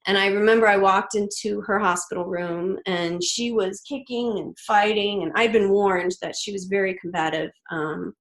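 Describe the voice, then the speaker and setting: A woman in her thirties, a podcast guest, speaks earnestly and gently, pausing and restarting as she tells a personal story. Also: medium pitch, steady tone, poor audio. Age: 30s. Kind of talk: reflective interview storytelling.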